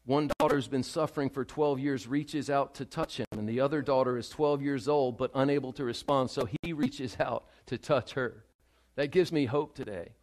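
Speaking in a mid-range voice at normal speed, this male pastor addresses the congregation directly and emphatically. His sermon falls to a hush, then climbs loud again, with key phrases repeated to drive them home.

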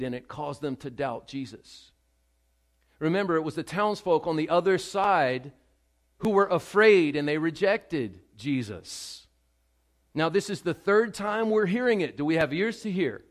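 A man preaching a sermon as pastor, emphatic and direct with the congregation, dropping to a hush and then rising loud, repeating key phrases for stress. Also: fairly high pitch, lively intonation, a little slow.

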